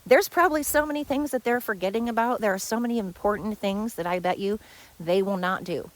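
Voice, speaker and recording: A middle-aged woman hosting her own podcast, venting sarcastically about former coworkers. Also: fairly quick. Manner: venting, sarcastic, mimics others in high voices. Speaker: podcast host. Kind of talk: solo podcast rant.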